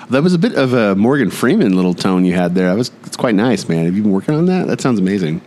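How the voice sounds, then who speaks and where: Chatty, jokey man with a low voice. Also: big pitch swings, fast, a little mellow, a little hiss or hum. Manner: jokey, talkative, slips into movie-voice impressions. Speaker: podcast co-host. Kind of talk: casual chat.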